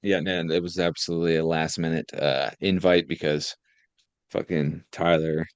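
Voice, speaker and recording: A man's voice: low voice, flat delivery, normal speed, clear, resonant tone, no echo. A young man co-hosting a podcast in casual chat, joking and rambling with frequent laughs. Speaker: podcast co-host.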